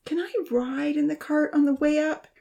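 A woman's voice: sits high, level tone, moderate pace, creaky, dark tone, voice pushed up. A woman voicing a timid little girl who whines and pleads in a storybook reading. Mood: whiny pleading.

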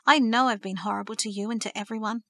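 Remorseful young man, tearful and pleading, voice shaking, read by a woman narrator in a bright, close, dry tone. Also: medium pitch, steady tone, quick pace, no echo. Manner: shaky, sobbing pleas.

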